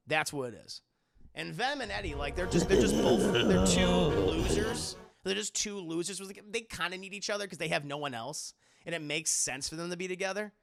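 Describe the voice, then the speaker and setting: Gravelly, bright-toned man rambling through a review. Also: high-pitched. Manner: rambling, repeats himself, swears, chats with viewers. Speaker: streamer and movie reviewer. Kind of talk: casual live-stream movie review.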